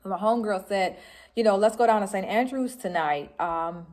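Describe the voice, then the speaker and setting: A woman in her forties from Detroit telling a personal story to camera in a casual, animated way, laughing and breaking into shrieks as she relives it. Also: medium pitch, moderate pace. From Detroit, Michigan, US. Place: home room with laundry behind.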